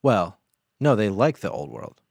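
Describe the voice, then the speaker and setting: A man's voice: fairly low pitch, big pitch swings, a little slow, gravelly, darkish tone, slightly rough, no room sound. A man co-hosting a casual podcast, riffing playfully and rambling through jokes. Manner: playful, rambling, jokey riffs. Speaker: podcast co-host. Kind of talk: casual banter.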